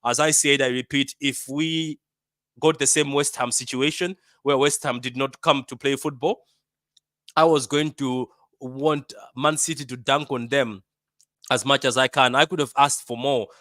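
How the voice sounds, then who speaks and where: Animated bantering man, from Africa. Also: mid-range voice, normal speed, dry recording, studio quality. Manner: animated, bantering, repeats himself. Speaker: football fan channel host. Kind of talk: casual match reaction.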